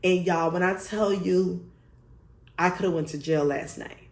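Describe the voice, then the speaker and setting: Animated young woman telling a story. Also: fairly low pitch, a little slow. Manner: animated, emphatic, swears freely. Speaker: vlogger. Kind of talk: storytime vlog. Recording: roomy echo.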